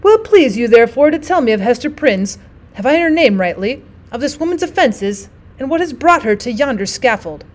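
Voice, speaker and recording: A woman reading the part of a bitter, learned older male stranger, in a grave and measured manner. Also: high-pitched, very animated, darkish tone. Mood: inquiring.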